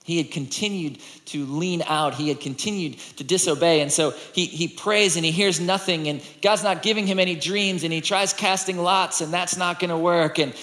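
A man preaching a sermon in a conversational, animated way, reading scripture and acting out the people in it. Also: a little high, moderate pace, few pauses. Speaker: pastor. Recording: long hall reverb.

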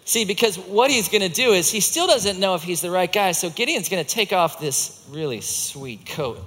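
A bright, high-pitched man tells a Bible story to a group of children in a playful way and coaches the young volunteers acting it out. His voice swoops up and down with energy and echoes through a large hall. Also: animated, normal speed, breathy edge. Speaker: children's ministry teacher.

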